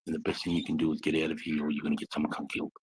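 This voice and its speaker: A man's voice: a bass voice, monotone, very fast, slightly rough, rough recording. A middle-aged man with an Australian accent, a veteran telling blunt, swearing war stories in casual bar chat. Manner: blunt, heavy swearing, intense.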